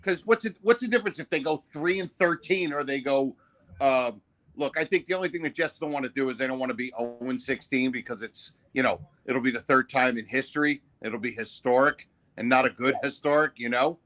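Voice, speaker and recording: A man's voice: mid-range voice, fairly quick, a bit bright. A man from New Jersey, a guest comedian, chatting casually over a video call with many fillers. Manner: hesitant, full of fillers.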